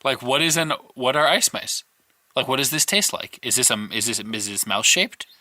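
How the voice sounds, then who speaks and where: A man's voice: medium pitch, animated, moderate pace, pushed and bright, no room sound. A man co-hosting a podcast in casual chat, rambling and piling up questions. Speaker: podcast co-host.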